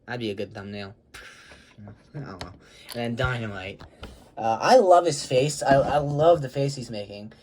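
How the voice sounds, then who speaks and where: A man's voice: medium pitch, moderate pace, darkish tone, slight background noise. A teenage boy showing off his Lego models in a casual, rambling vlog, chatty and self-conscious, often apologizing and giggling. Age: teens.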